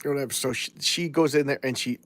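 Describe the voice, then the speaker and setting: A man's voice: medium pitch, quick pace, a bit bright. A man in his fifties hosting a casual live show about old comics, talking in a chatty, rambling way with many restarts and wry jokes. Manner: wry, jokey asides. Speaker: comic book show host.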